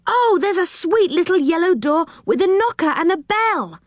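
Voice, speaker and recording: A woman doing an excitable, wide-eyed young boy. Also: extremely high pitch, moderate pace, no echo, studio quality, pitched above the performer's own voice. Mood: excited. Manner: eager, exclaiming. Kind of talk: storybook reading.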